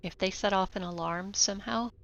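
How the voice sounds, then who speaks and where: A woman's voice: medium pitch, brisk, gravelly, a bit bright, dull audio. A woman playing a tabletop game, talking in a casual, plain-spoken way. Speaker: player.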